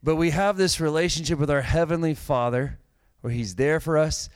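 A man's voice: a little high, moderate pace, clean tone, no room sound. A middle-aged man, a pastor, preaching a conversational sermon and telling stories with growing animation. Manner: conversational, animated storytelling with a dry joke.

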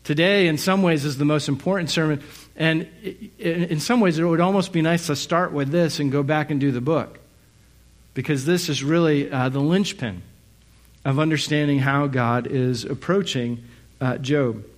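A middle-aged male pastor with a fairly high-pitched voice preaches a sermon. He's reflective and searching, asking many rhetorical questions and pausing on fillers.

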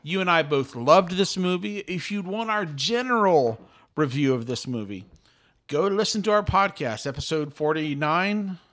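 A middle-aged man hosts a podcast with rambling excitement and keeps restarting his sentences. His voice sits fairly high for a man. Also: moderate pace. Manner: animated, talkative, repeats himself. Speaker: podcast host. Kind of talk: excited casual chat.

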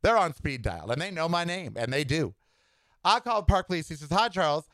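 Exasperated high-voiced man ranting. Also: very animated, a little fast, a bit bright, no echo. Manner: blunt, exasperated, storytelling. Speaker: podcast host. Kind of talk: ranting solo monologue.

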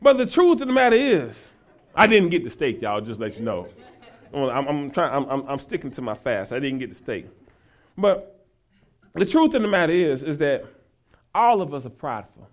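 A male pastor preaching a sermon, mixing folksy asides to the congregation with rising, shouted exhortation. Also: fairly high pitch. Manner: folksy, talks to the congregation as y'all.

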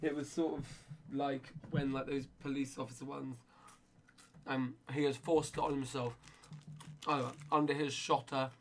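A man co-hosting a comedy podcast, telling a rambling story and jumping into loud, sweary voices for the people in it. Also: mid-range voice, level tone, unhurried, a little hiss or hum. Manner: rambling, plays characters in loud swearing bursts. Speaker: podcast co-host. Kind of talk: comic storytelling.

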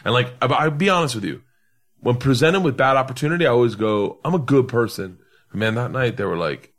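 A man's voice: medium pitch, big pitch swings, fairly quick, a bit bright. A man in his thirties telling a long comic story to friends on a podcast, rowdy and laughing, acting out the voices of the people in it. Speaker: podcast host. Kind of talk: drunken storytelling among friends.

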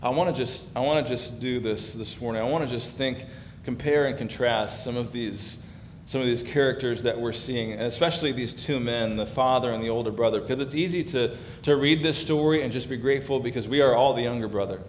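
Guy pastor giving a sermon, chatty then emphatic, roomy hall sound with a faint rumble under it. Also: fairly quick, few pauses. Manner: conversational, emphatic preaching that builds in force.

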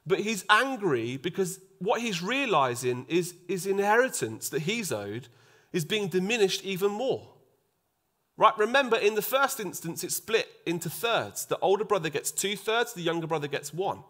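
A man preaching a sermon, acting out the voices in the story and dropping to a soft hush for emphasis. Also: sits high. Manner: animated, acts out quoted voices, drops to a soft hush for emphasis.

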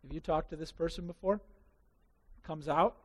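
A male pastor preaching a sermon in an animated way, acting out quotes and everyday scenarios. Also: fairly high pitch, normal speed, in a large hall.

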